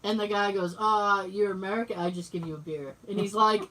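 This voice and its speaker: A woman's voice: mid-range voice, fairly even intonation, fairly quick, sharp tone. A woman co-hosting a podcast, telling a story in casual chat, acting out quoted dialogue and swearing freely. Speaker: podcast co-host. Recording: voice distant from the mic.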